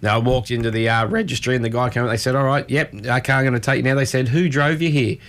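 A man's voice: mid-range voice, fairly even intonation, fast, a bit bright. Rambling Australian man telling stories. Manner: rambling anecdotes with many restarts. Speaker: radio co-host. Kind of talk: casual chat, storytelling.

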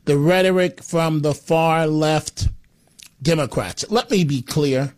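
A man with a high voice hosts a combative talk radio show. He speaks bluntly and with scorn. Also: expressive, unhurried.

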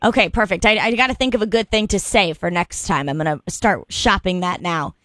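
A woman's voice: medium pitch, a little fast, sharp tone, no echo, clean studio sound. A woman hosting a call-in radio show, chatting casually, laughing and trailing off into restarts. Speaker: radio host.

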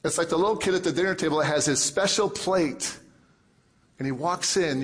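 A male pastor preaching a sermon, emphatic, with lots of repetition and big swings between loud and soft. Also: fairly high pitch, fairly quick.

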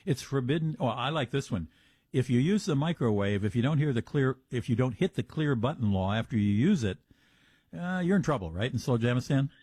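A man's voice: medium pitch, animated, fairly quick, a little mellow, husky, no echo. A man hosting a radio talk show, reading sponsor copy and introducing a guest in an upbeat, playful way.

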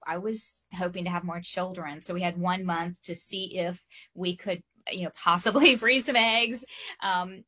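Bright-voiced woman telling her story. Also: lowish voice. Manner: earnest, halting, with light laughs. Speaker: interview guest. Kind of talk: candid personal storytelling.

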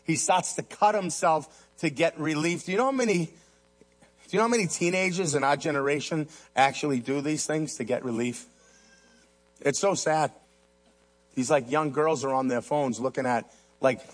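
A male pastor preaching a sermon to a church congregation, impassioned, moving between soaring emphasis and low earnest asides, with many rhetorical questions.

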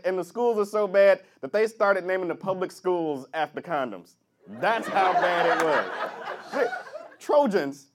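A male stand-up comedian from Chicago, wry and playful, laughing at his own jokes. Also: high-pitched.

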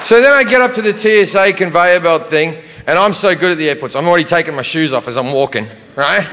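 An Australian man performing a stand-up routine, telling an animated story with sweary asides. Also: fairly high pitch, fast talker, big-room sound, slight background noise. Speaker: stand-up comedian. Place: live comedy venue.

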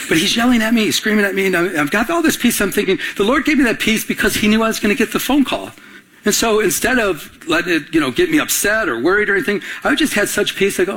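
A male pastor preaching in an animated, conversational way, telling personal stories and having listeners fill in words. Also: fairly high pitch, breathy edge. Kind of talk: sermon with personal storytelling.

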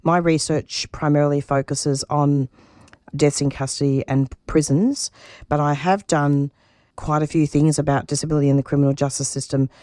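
A woman's voice: low voice, level tone, normal speed, warm tone, no room sound. Brief: middle-aged woman guest, passionate and emphatic, dry close mic. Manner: earnest and emphatic, often restarting phrases. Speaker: radio producer and interview guest. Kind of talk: personal interview answers.

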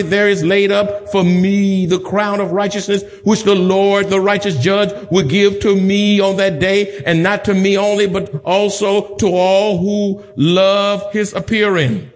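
A man preaching a sermon as pastor, emphatic and repetitive with joking asides. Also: high voice. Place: church sanctuary.

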